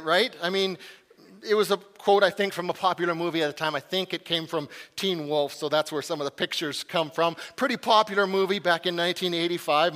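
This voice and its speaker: A pastor with a fairly high male voice tells a story from the pulpit, swinging between lively bursts and hushed, quiet passages. His voice rings out with a long hall reverb behind it. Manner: animated storyteller, dropping to a hushed voice for calm moments. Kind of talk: sermon storytelling.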